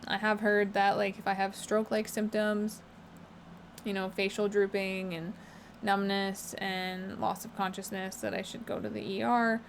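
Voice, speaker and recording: Fast-talking woman with a gravelly edge. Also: mid-range voice, a little hiss or hum. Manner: fast-talking, chatty, self-interrupting. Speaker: channel host. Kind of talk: casual update vlog. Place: at home.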